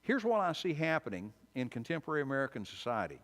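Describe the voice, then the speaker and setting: A man's voice: medium pitch, very animated, fast talker, a bit bright. A man preaching a conversational sermon and Bible study, informal and wry, often restarting his sentences. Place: church sanctuary. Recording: long church reverb.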